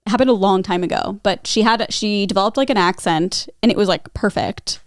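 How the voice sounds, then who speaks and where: A woman's voice: mid-range voice, brisk, dry recording, studio quality. A young woman co-hosting a podcast who chats casually, laughs often and says "like" a lot. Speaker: podcast co-host. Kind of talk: casual chat.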